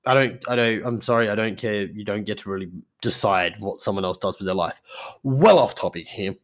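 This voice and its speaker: A man's voice: lowish voice, a little fast. A young man hosting a podcast, telling stories in a rambling casual monologue full of swearing. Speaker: podcast host.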